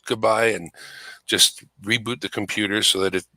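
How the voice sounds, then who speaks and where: A man with a bright, forceful voice that sits low for a man, talking casually from his home computer setup. He explains things at length in an easygoing, chatty way. The sound is dry and close. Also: steady tone, moderate pace, no echo, poor audio. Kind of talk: casual chat.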